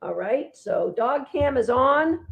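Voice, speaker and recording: High-voiced, unhurried woman dog trainer. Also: animated, vocal fry, slightly rough. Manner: upbeat, talks to her dogs while teaching. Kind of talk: online dog training lesson.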